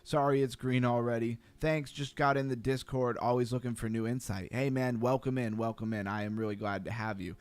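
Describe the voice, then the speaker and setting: A man runs a casual crypto livestream, rattling through chart levels at a quick clip and drifting onto side topics. His voice sits in a middle pitch and the sound is dry and close. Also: level tone, a little mellow, clean tone, no echo, soft background music. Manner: fast-talking, easily sidetracked, chatty.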